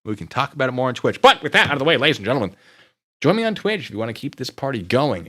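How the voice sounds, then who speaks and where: A man's voice: mid-range voice, big pitch swings, rapid-fire, a bit bright, faint music behind. A man hosting a stream, chatting casually with his viewers in a rambling, joking way. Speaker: streamer and video host. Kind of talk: casual chat to live chat.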